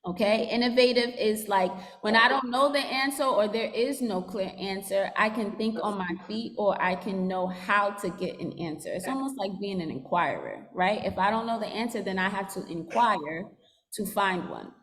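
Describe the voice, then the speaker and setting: A woman's voice: medium pitch, normal speed, a bit bright. Brief: woman social worker addressing students, teacherly, in a reverberant large room. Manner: teacherly, asks class to repeat and write. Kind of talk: school assembly talk to students.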